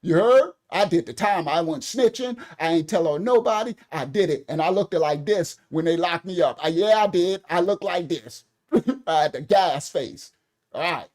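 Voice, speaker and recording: A middle-aged man, hosting casual news commentary, animated and preachy, talking straight to his viewers. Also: a little high, normal speed. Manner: animated, preachy, laughing, addresses chat directly. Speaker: commentary channel host.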